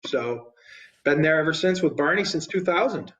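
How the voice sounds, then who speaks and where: A man, a guest musician, telling stories in casual chat, animated and laughing often, with many restarts. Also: fairly high pitch, normal speed, rough recording. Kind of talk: casual storytelling. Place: podcast studio.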